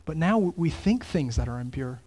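A man preaching a sermon as pastor, swinging between loud exclamations and hushed, near-whispered lines. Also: fairly high pitch, lively intonation, brisk.

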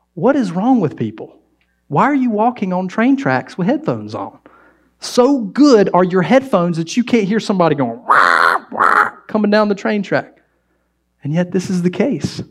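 A man's voice: high-pitched, big pitch swings, normal speed, darkish tone. A man preaching a sermon in a conversational, humorous way, telling stories and asking the audience questions. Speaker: pastor.

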